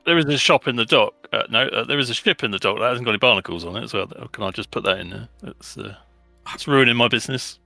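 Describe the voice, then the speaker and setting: A man's voice: medium pitch, fast, gravelly, bright, forceful tone, dry recording, soft background music. A man playing in a tabletop game, blunt and joking with stumbling restarts. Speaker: player. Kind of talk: tabletop role-play.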